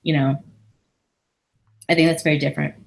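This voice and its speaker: A woman's voice: deep voice, level tone, moderate pace, gravelly. A woman guest on a podcast, chatting casually and self-deprecatingly, with lots of restarts. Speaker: podcast guest, lawyer and comedian. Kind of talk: casual conversation.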